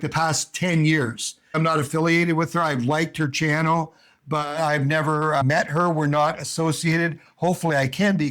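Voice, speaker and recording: A man's voice: a little high, a bit bright. A man coaching English learners in a casual, emphatic talk, often repeating his key points. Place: home in Brazil.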